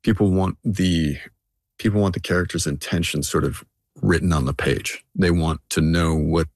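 A man's voice: sits low, moderate pace, dry recording, clean studio sound. A middle-aged man, an actor being interviewed, talking thoughtfully and sometimes searching for words. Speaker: actor guest. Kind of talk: interview conversation.

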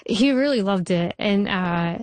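A woman who works as a television writer and showrunner, talking in an interview with animated, anecdotal storytelling. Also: mid-range voice, unhurried, dry recording. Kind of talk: interview conversation.

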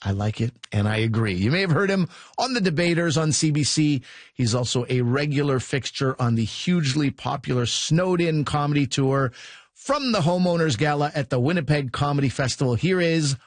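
A man's voice: on the high side, animated, moderate pace, no echo. A man hosting a broadcast, giving an upbeat scripted introduction to a comedian. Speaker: radio host introducing comedians.

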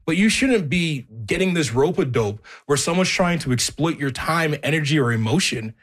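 A man's voice: fairly high pitch, lively intonation, normal speed, fairly bright tone. Heated man on a jobs panel. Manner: heated, many fillers, rising to emphatic. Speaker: jobs and recruiting guest. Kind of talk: radio panel discussion.

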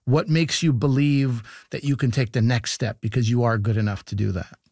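A man's voice: medium pitch, fairly even intonation, normal speed, darkish tone, dry recording, clean studio sound. A man hosting an interview who asks thoughtful, loosely phrased questions and shares his own stories. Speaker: interviewer, host. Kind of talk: conversational interview.

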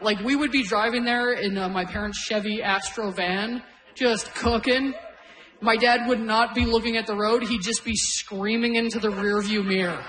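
A woman's voice: on the high side, steady tone, moderate pace, a bit bright, poor audio. A woman in her forties from Canada performing a stand-up comedy set, telling brash, self-deprecating stories. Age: 40s. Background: audience laughter.

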